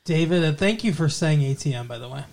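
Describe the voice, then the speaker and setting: A man's voice: a little high, expressive, fast talker, vocal fry, a little mellow. A man co-hosting a podcast in casual, teasing chat with his fiancée, chuckling often. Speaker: podcast co-host.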